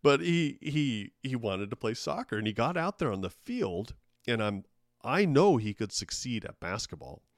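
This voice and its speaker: A man's voice: medium pitch, big pitch swings, normal speed, no room sound, studio quality. A middle-aged man hosting a casual interview, telling a reflective personal story. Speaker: podcast host.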